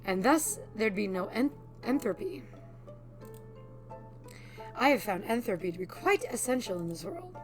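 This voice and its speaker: A woman's voice: medium pitch, expressive, a little slow, long pauses, faint music behind, lightly acted. A woman voicing an ancient, courteous undead male archivist in a plain voice with old-fashioned phrasing.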